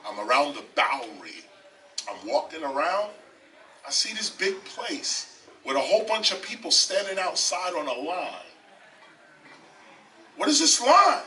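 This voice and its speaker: Older New man as interview guest, bright lively voice, emphatic storyteller, a bit off-mic with faint noise. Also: on the high side, normal speed, distant mic. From South Bronx, New York. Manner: emphatic, repeats phrases, often says "okay?". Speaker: interview guest, rapper and teacher. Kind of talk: animated storytelling. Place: library, indoors.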